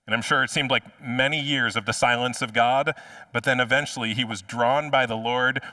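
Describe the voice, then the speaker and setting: A man's voice: mid-range voice, pushed and bright, no echo, distant mic. A man preaching a sermon as pastor in a conversational way, often repeating words as he restarts a phrase. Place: church.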